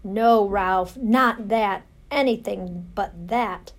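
A woman's voice: medium pitch, takes it slowly. A woman voicing a worried mother mouse in a storybook reading, fretful and pleading.

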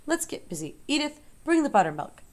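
A woman doing a brisk, hearty farmer. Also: sits high, very animated, a little mellow, pitched above the performer's own voice. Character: hearty middle-aged male farmer, brisk.

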